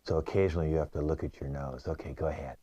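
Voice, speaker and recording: A man's voice: a bass voice, steady tone, racing, mellow, no room sound, dull audio. A man hosting a live improv show, calling out prompts and directions to performers. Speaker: improv host and side-coach. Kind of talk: coaching improv scene.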